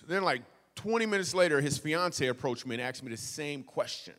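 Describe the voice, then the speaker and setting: A young man from Michigan performs a stand-up comedy story with playful, animated energy, dropping to quiet asides and then rising into loud outbursts. His voice sits a little higher than most men's. A long reverb trails his words, as if he is heard across a big hall. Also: fairly quick, hardly any pauses.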